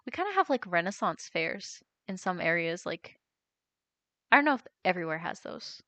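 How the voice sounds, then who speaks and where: A woman's voice: fairly low pitch, sing-song, moderate pace, pushed and bright, no room sound. Chatty young woman streamer. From United States. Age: young adult. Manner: chatty, reads chat aloud and reacts with laughs. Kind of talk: casual live-stream chat.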